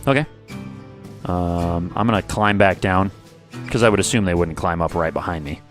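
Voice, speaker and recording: A man's voice: low voice, moderate pace, faint music behind. A man playing a tabletop game, chatty and playful as he talks through his moves. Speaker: player. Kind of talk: casual tabletop play.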